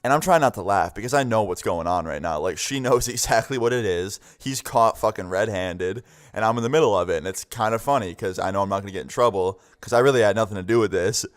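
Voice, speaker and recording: This young guy talks fast with barely a pause, his pitch sitting fairly low, as he tells viewers a story-time tale. He wanders off track, leans on "like" again and again, and imitates everyone he quotes.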